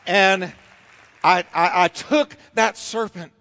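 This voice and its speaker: A man's voice: sits high, slow, gravelly, sharp tone. A man preaching a fervent sermon, driving his points home with repeated rhetorical questions.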